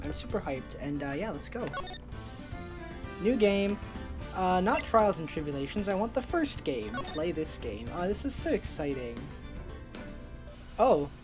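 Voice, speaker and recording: A woman giving casual let's-play commentary, hesitant and full of fillers. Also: deep voice. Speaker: gamer.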